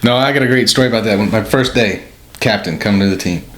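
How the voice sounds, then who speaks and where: A man in his fifties, a guest on a podcast, telling an animated story from his career with frequent laughs. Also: fairly low pitch, fast. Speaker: podcast guest, retired Special Forces officer. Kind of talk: casual storytelling interview. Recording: echoey room with faint noise.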